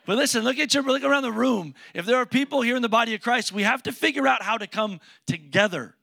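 Male pastor, conversational sermon delivery, high pitched with a crisp bright tone. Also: quick pace. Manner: conversational preaching with jokes and questions to the congregation. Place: church sanctuary with congregation.

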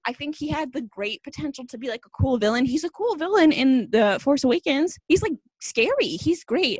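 A woman's voice: sits high, very animated, moderate pace, hardly any pauses, breathy edge, dry recording, rough recording. A young woman co-hosting a podcast, ranting in a fired-up, casual way, full of "like.". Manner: fired-up, ranting, heavy use of "like". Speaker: podcast co-host.

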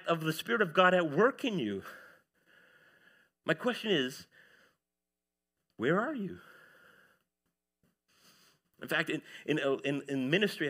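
Bright-voiced pastor preaching. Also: male voice, high voice. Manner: animated preaching, swings from loud to hushed. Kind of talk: sermon. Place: church.

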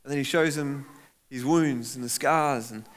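A man preaching a sermon as pastor, animated and acting out voices of people in the story. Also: mid-range voice, moderate pace.

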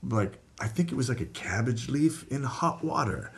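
A man telling a personal story in casual talk, animated, laughing at times and swearing freely. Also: medium pitch, moderate pace, creaky. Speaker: guest telling a life story.

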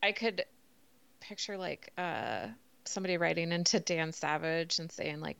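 A woman's voice: lowish voice, normal speed, vocal fry, fairly bright tone, clear, resonant tone, dry recording. Woman, podcast co-host, casual chat, frank and wry, dry room.

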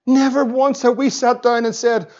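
Impassioned Northern Irish pastor, high voice. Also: male voice, little pitch movement, normal speed. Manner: impassioned, rising to shouts, acts out the devil's voice. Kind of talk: sermon. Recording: dull lo-fi sermon recording.

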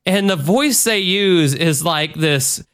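A man co-hosting a podcast, chatting loosely and mimicking voices. His voice is bright and crisp, sitting a bit high for a man. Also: slow pace. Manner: animated, mimics voices with big jumps in pitch. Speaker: podcast co-host. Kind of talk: casual podcast chat.

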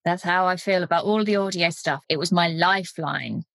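A woman's voice: fairly low pitch, moderate pace, gravelly, a bit bright, no room sound. Enthusiastic woman podcast host, dry sound. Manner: enthusiastic, affirming. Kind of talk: podcast interview.

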